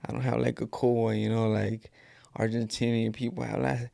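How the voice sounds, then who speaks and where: A man's voice: mid-range voice, little pitch movement, moderate pace, gravelly, dark tone, no echo, studio quality. A man in his thirties with a California Mexican-American Spanglish accent, hosting a podcast in rambling, joking casual chat. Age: 30s. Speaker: podcast host. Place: at home. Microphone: camera.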